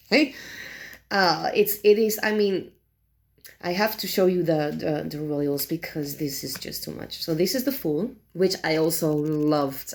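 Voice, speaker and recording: A woman with a lowish voice and a gravelly, fry-laced edge chats casually about tarot decks. She sounds animated and exasperated, swears freely, and stumbles through many fillers and restarts. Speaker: tarot deck reviewer. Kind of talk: casual chat.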